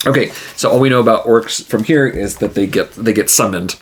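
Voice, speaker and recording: A man's voice: fairly low pitch, fairly quick, a little hiss or hum. A man narrating and playing a solo tabletop game, thinking aloud casually with plenty of fillers.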